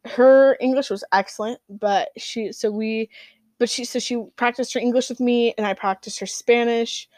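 A young American woman tells her own story in a somewhat high voice, often pausing and restarting her sentences. The recording is dry and close, with no room around her. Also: fairly even intonation, darkish tone, no echo. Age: young adult. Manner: halting, with frequent fillers and restarts. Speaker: returned missionary. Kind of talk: personal storytelling.

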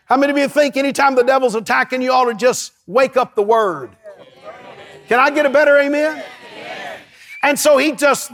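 A middle-aged-sounding man preaches a sermon in a strikingly high voice, fervent and fairly quick with frequent pauses. He calls out to the congregation, rising to shouts at his peaks.

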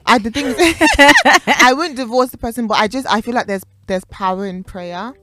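A young woman co-hosting a casual chat, talking in an animated, preachy way and laughing often. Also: a little high, normal speed. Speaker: podcast co-host.

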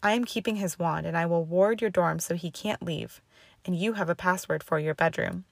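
Woman narrator voicing a steady older headmistress witch, low, slight fry, dry audiobook sound. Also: no room sound. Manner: calm, measured, sympathetic.

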